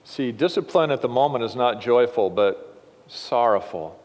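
A man's voice: medium pitch, lively intonation, moderate pace, big-room sound. A middle-aged man preaching a sermon as pastor, folksy and chuckling at his own quips. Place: church sanctuary.

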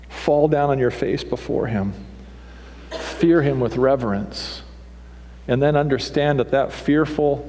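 A middle-aged man preaching a sermon as pastor, animated and theatrical, acting out people's voices to make his points. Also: in a large hall. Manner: animated, mimics people with raised pitch and punchy delivery.

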